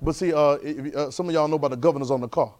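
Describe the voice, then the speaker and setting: A man teaching a Bible class in a sermon style, animated, with constant call-and-response checks of his listeners. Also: a little high, racing. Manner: repetitive call-and-response, keeps asking "right?"; animated, swings loud and soft.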